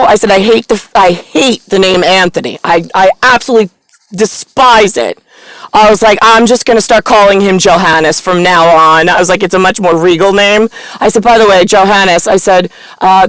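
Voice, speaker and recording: A woman vlogger telling a rambling, profane personal story, at times breaking into loud rants. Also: medium pitch, smooth, no echo, poor audio.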